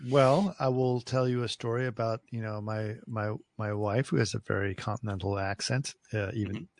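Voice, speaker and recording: A man's voice: fairly low pitch, steady tone, normal speed, dry recording. A man chatting casually, telling anecdotes with hesitant restarts. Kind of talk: casual chat.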